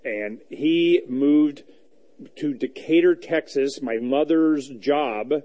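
A man's voice: fairly high pitch, slow, dark tone. A man hosting a talk show from the road, telling rambling stories full of fillers and restarts. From United States. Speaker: radio talk show host. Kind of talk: casual talk show monologue. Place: on the road, traveling.

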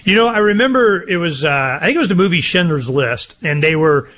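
Give me an older man with a fairly high voice, chatting in a loose, rambling way, getting animated and laughing loud as he talks on a casual show. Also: fairly quick. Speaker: co-host. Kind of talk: casual chat.

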